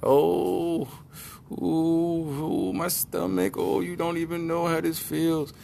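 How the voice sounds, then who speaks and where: Man doing a complaining wife, whiny, moaning, high strained voice, dramatic. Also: steady tone, slow, creaky, dark tone, slight background noise, full character voice. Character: whiny ancient woman in pain, complaining.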